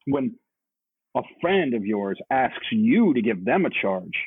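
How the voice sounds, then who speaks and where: A male podcast co-host chatting in a halting, earnest way, often repeating words as he gets emotional. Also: medium pitch, big pitch swings. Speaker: podcast co-host, Navy chief. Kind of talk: casual chat. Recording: husky voice over a tinny phone-like line.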